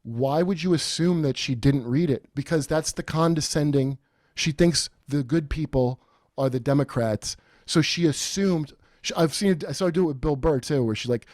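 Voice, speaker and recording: A man's voice: on the high side, normal speed, darkish tone, no room sound, studio quality. A man hosting a podcast, talking in a rambling, profane, mocking way and putting on quoted voices. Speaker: podcast host. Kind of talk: casual comedic chat.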